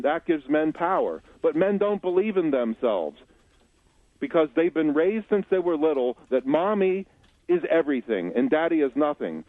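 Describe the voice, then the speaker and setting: A man's voice: on the high side, no room sound. A male radio show guest laying out his opinions in an assertive, lecturing way. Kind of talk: opinionated call-in commentary. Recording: tinny phone line.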